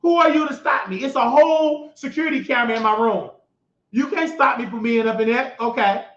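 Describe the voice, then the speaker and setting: A man hosting his show, telling a story in an emphatic, repetitive way that bursts into shouting. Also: very high voice, a little fast. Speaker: host. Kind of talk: animated storytelling monologue. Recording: echoey, dull lo-fi recording.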